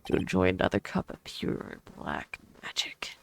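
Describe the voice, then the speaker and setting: A woman voicing a cool, sly male prosecutor who loves coffee, speaking in a sardonic, low, breathy way. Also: normal speed, whispered, lightly acted. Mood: smug. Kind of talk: voicing game text in a playthrough.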